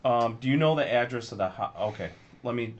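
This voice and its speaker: A man's voice: medium pitch, lively intonation, fairly quick. A male police detective interviewing a witness, patiently prompting him with short okays. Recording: dull lo-fi interview room recording.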